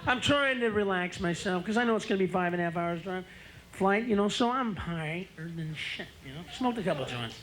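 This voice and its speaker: A man doing a stand-up comedy routine in a club, talking loud and breaking into sudden screaming outbursts. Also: high-pitched, expressive, a little fast, a crowd in the background. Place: comedy club stage with live audience. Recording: noisy live club recording.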